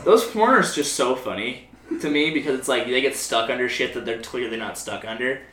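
A young man with a brisk, slightly bright mid-range voice chats casually with friends in a group chat, telling crude stories amid lots of laughter and acting out the voices in them. The recording is roomy and echoey, with a distant mic and faint ambience.

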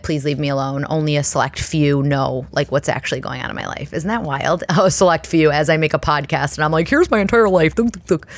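A woman in her thirties hosting a podcast, telling stories in a chatty, self-deprecating, animated way. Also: fairly low pitch, no echo. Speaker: podcast host. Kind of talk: casual chat.

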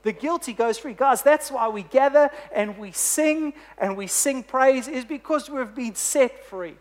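A preacher delivering a sermon, telling a story with emphatic, deliberate phrasing. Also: high-pitched.

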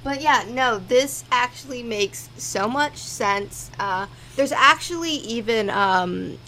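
A young woman co-hosting a podcast in casual chat, with a groggy morning voice, relaxed and quick to laugh. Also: fairly high pitch, slight background noise, rough recording. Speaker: podcast co-host.

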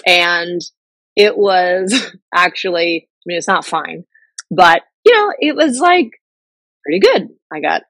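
A woman's voice: lowish voice, expressive, slow pace, a bit bright, no echo, rough recording. A middle-aged woman hosting a podcast, talking openly and casually about her life, full of fillers and restarts. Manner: candid, chatty, many fillers and restarts. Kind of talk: casual personal talk.

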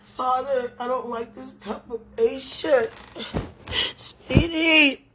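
A woman speaking an emotional prayer out loud, pleading and tender, repeating her phrases. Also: sits high, flat delivery, a little slow, noisy background.

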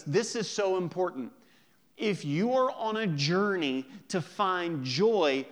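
A man's voice: high voice, fairly bright tone. Joking, conversational man preaching a sermon. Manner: conversational and joking, drawing out key words slowly. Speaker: pastor.

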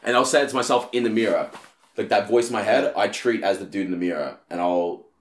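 A man's voice: on the low side, fast talker, echoey room. A man in casual conversation, talking animatedly and swearing often. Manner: heavy swearing, animated storytelling. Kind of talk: casual chat.

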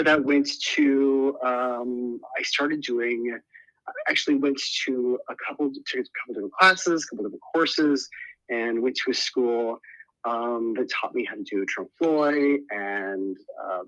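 A man's voice: medium pitch, unhurried, sharp tone, no room sound, rough recording. A man from Nebraska, an interior designer, telling his story in a friendly, laughing way on a podcast. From Nebraska, United States.

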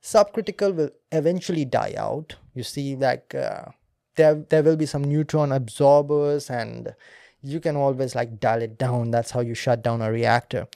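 A man's voice: mid-range voice, moderate pace, vocal fry, mellow, dry recording, clean studio sound. A man hosting a podcast, talking casually, laughing often and explaining science step by step. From India. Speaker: podcast host.

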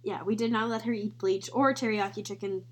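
A woman's voice: mid-range voice, fairly even intonation, brisk. A young woman co-hosting a podcast, chatting casually and joking with a giggly manner. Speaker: podcast co-host. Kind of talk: casual chat.

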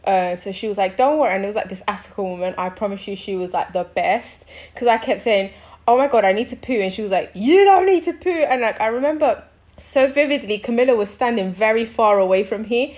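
A woman's voice: mid-range voice, fast talker. Chatty young woman telling a story. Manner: animated storytelling, acts out quoted people, laughs often. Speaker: podcast co-host. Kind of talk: casual chat.

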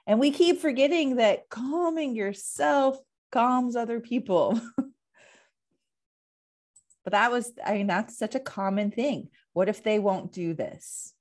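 A woman and parent talking casually about calming techniques, chatty and laughing often. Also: a little high, slow. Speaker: parent and therapist. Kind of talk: casual conversation.

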